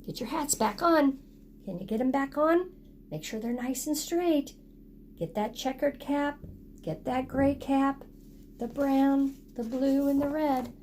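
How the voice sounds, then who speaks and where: A woman reading a picture book aloud to children, pausing often to ask them to join in with actions. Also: high voice, darkish tone, a little hiss or hum. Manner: interactive, prompting children to act along. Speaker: storytime reader for children.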